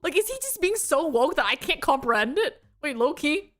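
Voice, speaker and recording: A young American woman streamer chatting casually, telling animated travel stories with frequent giggles. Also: high voice, moderate pace. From United States. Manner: giggly, animated storytelling with quoted voices. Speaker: VTuber streamer. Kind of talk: casual chat.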